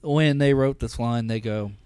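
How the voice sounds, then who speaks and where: A man's voice: medium pitch, measured pace, warm tone, smooth, no room sound. A man co-hosting a casual movie-review podcast, telling scenes with profanity and mimicked quotes. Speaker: podcast co-host.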